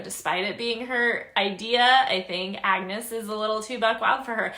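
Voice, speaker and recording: Young woman, book reviewer, chatty and expressive, bright tone, roomy echo. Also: mid-range voice, takes it slowly. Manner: chatty and expressive, laughing often. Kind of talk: casual story recap.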